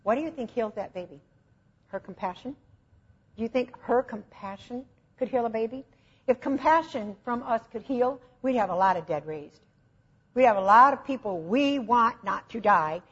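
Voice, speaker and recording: A woman preaches in a relaxed, conversational way, telling stories with earnest conviction. She pokes gentle fun at herself as she goes. Her voice is breathy and a little husky, and the recording sounds slightly muffled and lo-fi. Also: medium pitch. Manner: conversational storytelling, earnest, self-deprecating. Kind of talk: informal teaching sermon.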